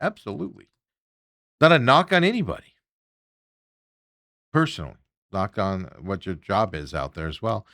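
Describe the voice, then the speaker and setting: A man's voice: lowish voice, moderate pace, pauses often, dry recording, studio quality. A middle-aged man hosting a sports talk show, ranting with strong opinions and mocking the people he talks about. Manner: animated ranting, mocking impressions of players.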